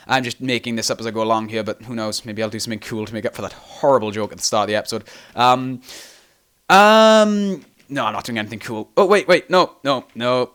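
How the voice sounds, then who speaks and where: A man's voice: mid-range voice, a bit bright. Rambling, self-mocking young man. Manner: rambling, self-deprecating, chatty. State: tired. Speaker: video game tutorial host. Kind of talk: casual game tutorial voice-over.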